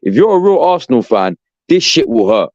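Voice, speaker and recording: A man's voice: on the high side, sing-song, a little fast, darkish tone, no room sound. A young man ranting as a podcast co-host, profane and exasperated, saying "bruv" constantly. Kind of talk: heated fan rant. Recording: dull, dry lo-fi sound.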